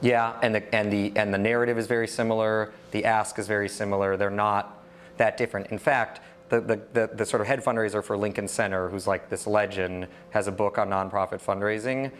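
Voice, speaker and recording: A man's voice: fairly low pitch, little pitch movement, fairly quick, slight background noise. A man in his thirties giving an informal, candid talk about startups, rambling with many restarts. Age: 30s. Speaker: guest speaker, entrepreneur.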